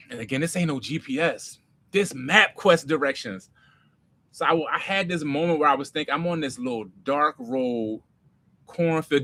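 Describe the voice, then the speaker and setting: A man, telling slangy, animated stories as a comedy creator in a casual Q&A. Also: a little high, dry recording. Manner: animated, slangy, swings loud and soft. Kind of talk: casual storytelling Q&A.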